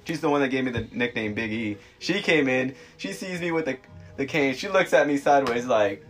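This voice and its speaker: A man's voice: mid-range voice, expressive, brisk, fairly bright tone, faint music behind. A man in his thirties, co-hosting a casual podcast, telling stories in a laid-back way, laughing and swearing now and then. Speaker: podcast co-host. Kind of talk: casual chat.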